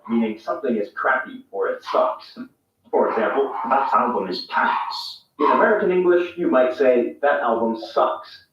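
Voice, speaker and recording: A man teaches in a scripted, measured way, setting out each point with clear examples. His voice arrives from well off the mic, wrapped in heavy room echo. The sound is dull and muffled, as if a video is being played through speakers. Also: mid-range voice, distant mic. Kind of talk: scripted explanatory lesson.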